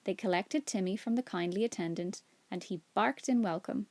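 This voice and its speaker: A teacher reading a children's book aloud in clear, even storytelling. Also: female voice, mid-range voice, normal speed, dry recording.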